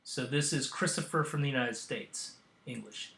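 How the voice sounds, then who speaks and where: A man hosting a software tutorial, demonstrating as he goes and pausing often with ums and uhs. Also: mid-range voice, creaky, reverberant. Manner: hesitant, with frequent ums and uhs. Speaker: tutorial host. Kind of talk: screen-recorded software tutorial.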